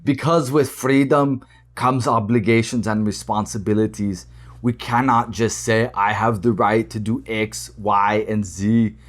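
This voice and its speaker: A man putting on the accent of a middle-aged male action star in a slow, emphatic, mocking impression. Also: medium pitch, lively intonation, pitched below the performer's own voice, close to an everyday voice.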